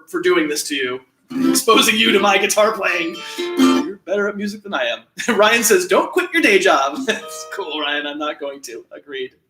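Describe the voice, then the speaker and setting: Chatty man with a high voice over loud guitar. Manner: chatty and self-deprecating, laughs often, plays and sings along on guitar. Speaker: livestream host. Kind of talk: casual livestream chat, reading viewer comments. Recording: roomy sound with loud guitar. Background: acoustic guitar playing.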